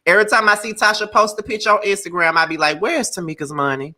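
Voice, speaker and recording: A man co-hosting a casual show, talking in an animated way, often breaking into loud laughter and exclamations. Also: high-pitched, fast. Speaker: co-host reviewing a reality show. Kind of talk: casual chat.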